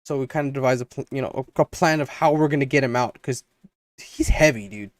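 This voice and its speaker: A young man on a podcast spins a long, rambling story and slips into his friends' voices for their lines. His pitch sits at a medium height. The recording is dry and close, with no room sound. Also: fairly quick, no echo. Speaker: podcast co-host. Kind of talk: casual storytelling chat.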